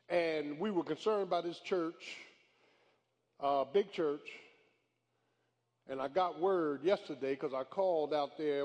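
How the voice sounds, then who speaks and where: Man, pastor, sermon, high voice, long church reverb. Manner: preaching cadence, swings from soft storytelling to shouting. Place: church sanctuary.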